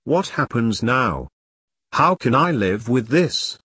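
Brief: man playing a grieving young soldier, blunt and raw, husky, dry. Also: medium pitch, very animated, takes it slowly, sharp tone, no echo, heavily acted. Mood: miserable. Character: anguished young male soldier, reckless and grieving.

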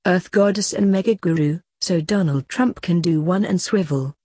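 Lady reading as a doom-laden little bear guy, mopey and moaning, low, dry sound. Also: normal speed, a little mellow, husky, no room sound. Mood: gloomy. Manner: mournful, moaning. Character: gloomy worried male teddy bear.

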